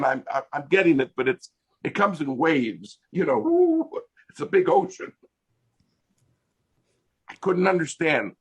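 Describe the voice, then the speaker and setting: An older American man telling a funny story in a relaxed interview, animated and laughing as he goes. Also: mid-range voice, measured pace, long pauses, husky. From United States. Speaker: interview guest, hypnotist. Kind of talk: casual storytelling. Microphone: video call.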